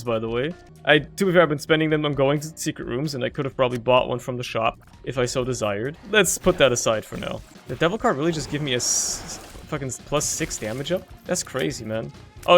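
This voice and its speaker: A man giving casual commentary on his own gameplay, swinging between low grumbling and loud frustrated outbursts.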